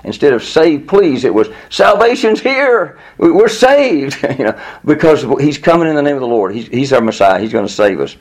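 A man's voice: medium pitch, fast, hardly any pauses. Conversational man preaching a sermon. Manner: conversational, animated, chuckles often, repeats words. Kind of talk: sermon teaching.

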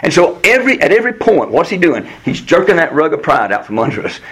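A man teaching a Bible study in a lively, conversational way, often leaping high in pitch to voice God's replies. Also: quick pace, breathy edge. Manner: animated, jumps to a high voice when quoting God. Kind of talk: Bible teaching with class discussion.

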